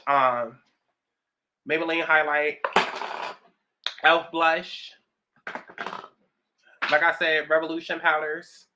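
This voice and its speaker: A woman around thirty with a low voice and a New York accent chats sassily and swears a lot while doing her makeup at home. This vlogger's get-ready-with-me talk has a noisy background.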